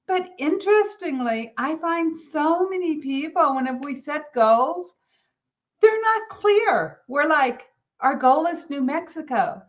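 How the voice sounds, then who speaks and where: High-voiced woman hosting a motivational podcast. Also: measured pace. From California. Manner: storytelling, animated, quotes others in character. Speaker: podcast host.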